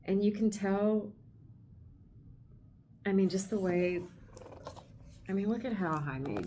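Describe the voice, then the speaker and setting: A woman's voice: mid-range voice, slow, warm tone. A woman hosting a podcast in a casual book discussion. She gushes with emotion, laughs often, and trails off into restarts. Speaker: podcast host.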